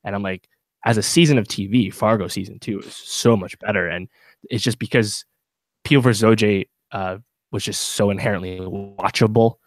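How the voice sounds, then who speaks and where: A man's voice: lowish voice, fairly even intonation, normal speed, no room sound. A man co-hosting a podcast in casual chat, rambling with many fillers and restarts. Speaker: podcast co-host.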